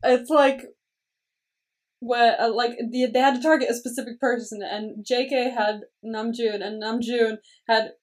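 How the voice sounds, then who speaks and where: Giggly high-voiced woman, slightly off-mic. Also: a little slow, far from the mic. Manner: giggly, animated retelling. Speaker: podcast co-host. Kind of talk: casual chat.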